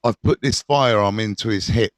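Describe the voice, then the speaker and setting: A man's voice: on the low side, normal speed, no room sound. Candid man telling his story. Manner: candid, animated, swears freely, many fillers. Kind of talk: casual storytelling to camera.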